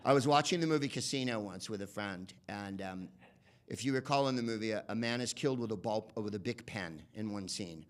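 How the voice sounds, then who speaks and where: A man doing stand-up comedy, rambling and profane, slipping into quick voice impressions. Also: lowish voice. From United States. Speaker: comedian and podcast host.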